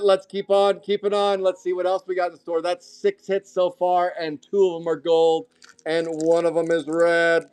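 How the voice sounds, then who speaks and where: A man hosting a live trading card break, calling out each pull and getting loudly excited over rare hits. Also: high-pitched, normal speed, smooth. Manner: hyped, shouting excitedly at big pulls.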